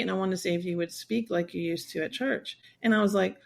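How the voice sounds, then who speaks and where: Candid woman with a gravelly voice. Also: medium pitch, a little fast, few pauses. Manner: candid, rambling, acts out quoted voices. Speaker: guest, survivor advocate. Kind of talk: personal storytelling in a podcast interview.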